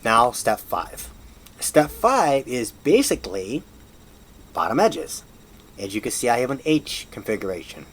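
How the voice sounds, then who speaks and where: A man's voice: mid-range voice, big pitch swings, unhurried. A man casually walking through a puzzle tutorial at home, self-deprecating and apologetic as he fumbles, recorded on a camera mic. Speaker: hobbyist showing a puzzle solve.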